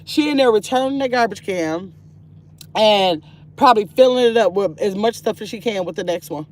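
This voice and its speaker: A woman's voice: mid-range voice, moderate pace. Chatty older woman livestreaming from a car. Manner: chatty and excitable, swinging from sweet to sassy. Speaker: livestream host reading chat. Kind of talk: casual livestream chat. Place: parked car. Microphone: phone.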